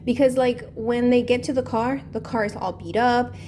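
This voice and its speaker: Woman, casual rambling storyteller, lots of filler words, slightly high voice, faint background hiss. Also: steady tone, normal speed, darkish tone. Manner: rambling, heavy use of "like" and "um". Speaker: savings channel host. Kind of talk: casual movie retelling.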